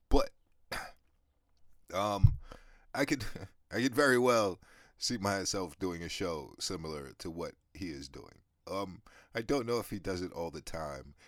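A man's voice: low-pitched, dry recording, clean studio sound. A man in his thirties hosting a podcast, talking in a rambling, profane, laid-back way with many restarts and fillers, a smoker with a cough. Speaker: podcast host. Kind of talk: casual monologue.

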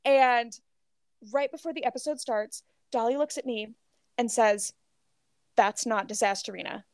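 Woman podcast co-host, high bright-sounding register, dry close sound, breathless gossipy storytelling. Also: measured pace, no echo. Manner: animated storytelling, heavy filler "like", swears freely. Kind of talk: casual gossip chat.

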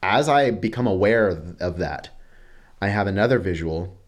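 A man's voice: low-pitched, animated, normal speed. A man in his thirties, a podcast guest telling a personal story candidly, acting out quotes and swearing casually.

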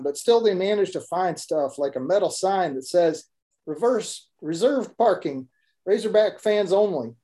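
A man's voice: high-pitched, mellow. A Midwestern man voicing a grumbling, joking Texan man with a Texas accent in a folksy, wry storytelling manner.

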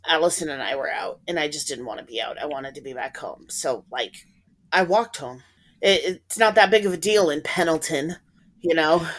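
A young woman co-hosting a podcast, trading quick reactions and thoughts with her co-host. Her voice sits low for a woman, and her delivery is easy and conversational. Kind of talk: casual chat.

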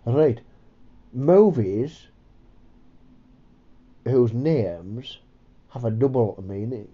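A man's voice: medium pitch, lively intonation, extremely slow, lo-fi sound. A man hosting a comedy podcast, rambling, sweary and self-mocking. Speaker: podcast host. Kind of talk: casual comedy chat.

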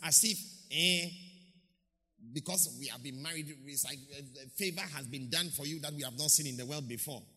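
A male pastor preaching a lively sermon, acting out quotes and pausing for his interpreter. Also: a little high, long reverb tail. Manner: animated preaching, acts out quotes, pauses for interpreter. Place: church hall.

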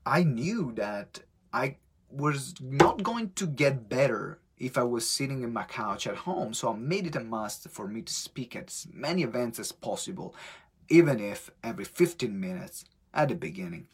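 Italian-accented male coach, husky voice, lively live-stream talk. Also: medium pitch, normal speed. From Italy. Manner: energetic, animated storytelling with acted-out quotes.

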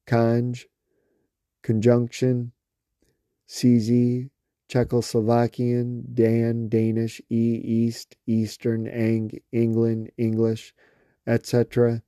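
A man slowly reading a long list of words aloud, one by one, with small slips and restarts. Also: medium pitch, monotone, warm tone, no echo, clean studio sound. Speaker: reader.

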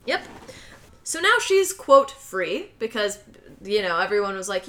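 A young woman co-hosting a casual podcast, animatedly recapping a film plot and acting out the characters' lines in high, loud voices. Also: expressive, unhurried. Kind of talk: casual chat.

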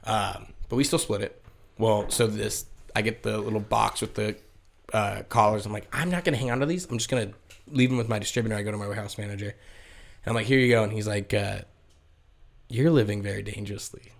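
A man's voice: fairly low pitch, fairly quick, gravelly. A man in casual chat, telling stories from the beer trade and acting out quotes with laughter. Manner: storytelling, animated quotes, laughs often. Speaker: brewery sales rep.

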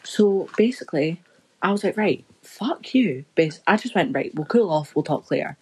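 Young woman, low voice, rambling sweary storytelling, casual podcast chat. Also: animated, a little fast, darkish tone, breathy edge, low-quality recording.

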